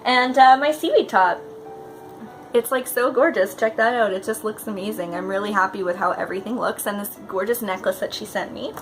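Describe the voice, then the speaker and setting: A woman's voice: medium pitch, fairly quick, soft background music. A chatty, bubbly woman, talking casually to the camera in a vlog. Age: 30s. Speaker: professional mermaid vlogger.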